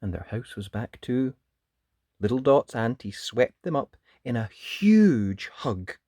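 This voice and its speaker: Expressive male storybook narrator. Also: medium pitch, slow, no echo, clean studio sound. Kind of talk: children's storybook read-aloud.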